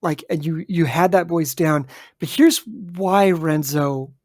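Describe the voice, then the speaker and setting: A man's voice: a little high, takes it slowly, darkish tone, dry recording, studio quality. A man co-hosting a podcast in casual chat, emphatic and addressing listeners directly. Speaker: podcast co-host.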